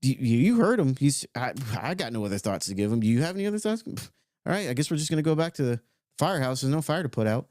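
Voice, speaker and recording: A man's voice: big pitch swings, fast talker, darkish tone, no echo, clean studio sound, close to an everyday voice. A man voicing a nervous little minion that stands for a thought, flustered and fretting. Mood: resigned. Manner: high, squeaky and fretful.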